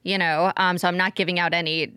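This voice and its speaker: Chatty woman cohost laughing a bit as she talks, smooth crisp voice. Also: lowish voice, level tone, fast, sharp tone, dry recording, studio quality. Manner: chatty, laughs lightly mid-sentence. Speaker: podcast co-host. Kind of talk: casual podcast chat.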